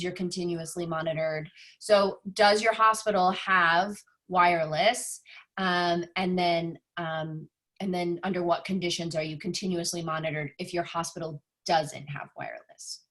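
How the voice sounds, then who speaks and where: A woman's voice: fairly low pitch, steady tone, normal speed, a bit bright. A woman doula on a video call, explaining practical points step by step. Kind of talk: casual group chat.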